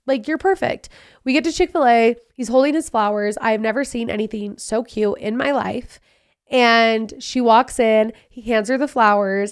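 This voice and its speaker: Chatty woman podcaster, bright and lively. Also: on the high side, smooth. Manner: chatty, animated storytelling with quick asides. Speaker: podcast host. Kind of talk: casual solo podcast chat.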